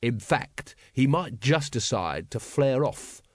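For an audiobook, a male reader voices a hard-bitten middle-aged watch captain, speaking low, soft and unhurried with a dry, quiet menace. The expressive reading sits close and dry on the mic, with no room sound around it.

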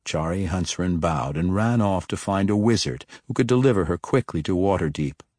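A man narrating a dark fantasy novel in a steady, measured storytelling manner. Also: sits low, no echo, clean studio sound. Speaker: audiobook narrator.

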